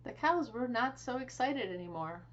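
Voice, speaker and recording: A woman librarian reading a picture book aloud for children, slow and expressive with sing-song animal sounds. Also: on the high side, muffled recording. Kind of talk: children's storytime read-aloud.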